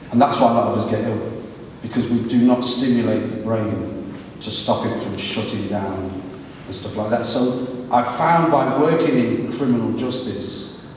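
A middle-aged man from England tells stories to a live audience in an animated way. His voice sits at an ordinary pitch and rings through a large echoing hall. It is picked up from far off, with faint noise behind. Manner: animated, slips into street voices for quotes. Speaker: guest speaker, criminologist. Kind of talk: storytelling talk to a live audience.

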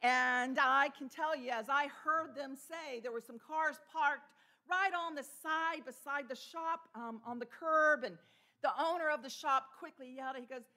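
Woman, pastor, from Texas, sermon, storytelling, high voice. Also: a little slow, pushed and bright. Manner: storytelling with laughs and imitated voices. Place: church sanctuary.

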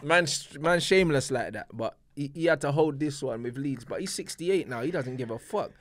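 A young man talking football in relaxed, slangy chat as co-host. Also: medium pitch. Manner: fast, relaxed, slangy analysis. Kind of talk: casual football banter.

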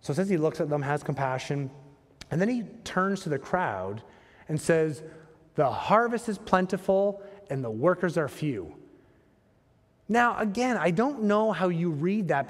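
A man's voice: fairly high pitch, long reverb tail. A male pastor preaching a sermon in a church sanctuary, talking conversationally and putting rhetorical questions to the congregation.

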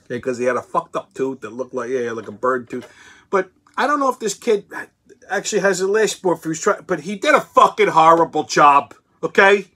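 Guy hosting, cursing nonstop about a movie, blunt and crude, kinda high voice. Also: lively intonation, a little fast, pushed and bright. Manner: blunt, crude, heavy swearing. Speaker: show host. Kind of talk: profane movie rant.

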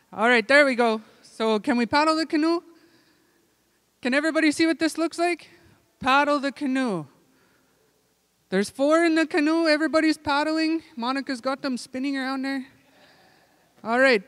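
A man leading a language-camp group game indoors, calling out playful, energetic instructions. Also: very high voice, no echo. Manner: energetic, playful, giving loud calls and instructions. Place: indoor room with tables.

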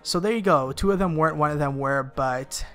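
A man hosting a let's play, commenting casually in a fairly high voice and admitting he isn't sure how words are pronounced. Quiet game music plays behind him. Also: a little fast. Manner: casual, unsure of pronunciation. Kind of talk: reading game dialogue aloud with commentary.

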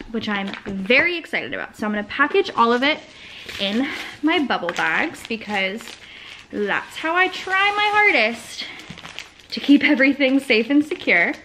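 A young woman, a small business owner and vlogger, chats casually in a home vlog, rambling through her work with plenty of fillers. Her voice is fairly high with lively intonation and a measured pace, and the background is noisy.

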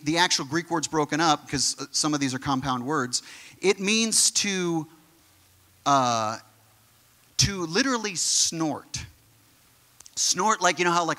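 Bright-voiced, animated male preacher. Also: fairly high pitch. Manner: animated, conversational preaching with acted-out quotes. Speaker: pastor. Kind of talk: sermon.

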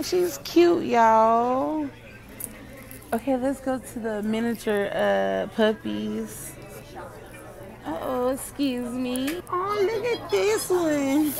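High, slow-talking woman cooing at puppies. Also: gravelly. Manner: cooing, baby-talk at puppies. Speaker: vlogger. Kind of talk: casual vlog narration. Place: pet store.

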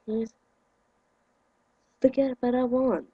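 A young man, ranting indignantly to his camera in a vlog, with sudden loud outbursts. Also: very high voice, fairly even intonation, slow pace, breathy edge, phone-quality sound. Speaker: vlogger.

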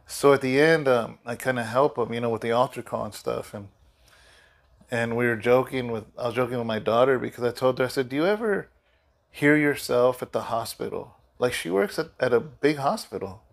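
A man's voice: medium pitch, brisk, creaky. A middle-aged man, a pastor, giving a casual devotional talk in a loose, rambling way with many fillers and restarts, sleepy and yawning.

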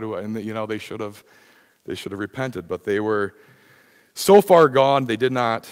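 A pastor preaching a conversational sermon, often restarting phrases and filling pauses with "uh" and "you know.". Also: male voice, fairly low pitch, expressive, clean tone. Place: church sanctuary. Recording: reverberant church hall.

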